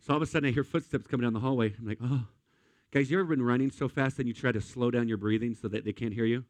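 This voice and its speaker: A young man preaching a sermon, telling a story with lively energy and building to emphatic points. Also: medium pitch, racing, dry recording. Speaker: pastor.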